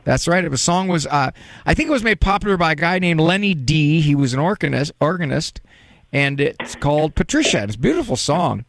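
A man's voice: on the high side, animated, a little fast, a bit bright, dry recording. A man hosting a call-in parenting advice radio show, talking conversationally with fillers and small jokes. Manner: joking, conversational, with filler words. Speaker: radio call-in host and psychologist. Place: radio studio.

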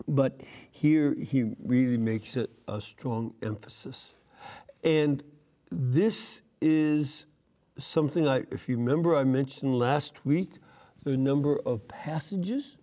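A man, a priest, teaching an unscripted Bible study, deliberate and full of fillers and restarts. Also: mid-range voice, warm tone.

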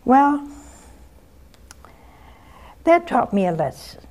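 Her voice sits high, very animated, with drawn-out words and a slightly mellow quality. She's an older nun hosting a call-in show, giving callers candid spiritual advice and recounting her own experiences in a folksy, direct style.

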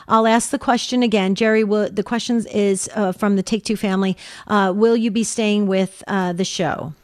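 A woman's voice: mid-range voice, a little mellow, no room sound, clean studio sound. A woman co-hosting a call-in talk show, upbeat as she reads out listener comments. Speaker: co-host. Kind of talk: casual radio talk show.

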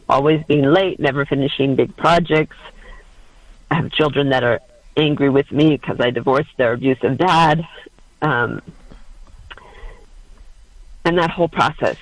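A woman calling in to a radio advice show, hesitant and halting, with many pauses and ums. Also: very deep voice, no echo, low-quality recording. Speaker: caller.

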